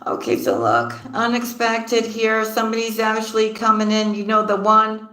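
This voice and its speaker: A woman's voice: fairly high pitch, moderate pace, fairly bright tone. A woman giving a casual tarot reading, laughing often and repeating her phrases. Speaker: tarot card reader. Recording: roomy echoey room.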